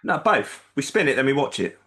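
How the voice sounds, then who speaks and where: A man's voice: medium pitch, big pitch swings, a little fast, sharp tone. A man co-hosting a horror podcast, joking and teasing over a call. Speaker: podcast co-host. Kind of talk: casual podcast chat.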